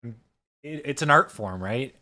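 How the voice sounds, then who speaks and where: A man's voice: mid-range voice, moderate pace, no echo. Laid-back man chatting on a livestream. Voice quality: relaxed, loose, swearing freely. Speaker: livestream host. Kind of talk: casual livestream chat. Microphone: desk microphone.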